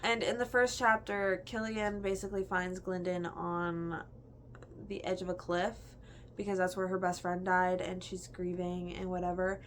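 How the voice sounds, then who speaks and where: A woman's voice: fairly low pitch, flat delivery, normal speed, a bit bright, a little hiss or hum. A young woman in a casual book review chat, gushing and chatty, filling her talk with "like". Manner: gushing, chatty, heavy use of "like".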